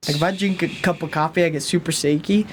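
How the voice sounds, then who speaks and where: Man, young adult, higher voice, casual storytelling, quotes coworkers, faint background hiss. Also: fast talker. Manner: animated storyteller, acts out coworkers' lines. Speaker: podcast co-host. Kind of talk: casual chat.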